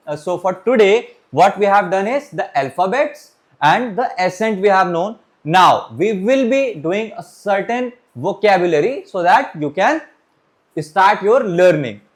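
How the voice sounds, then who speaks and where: A man teaching a beginners' French class, talking his students through the lesson and often pausing to say "okay, my friends". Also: high voice, animated. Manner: repeats "okay, my friends", restarts and pauses while writing. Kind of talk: classroom lecture.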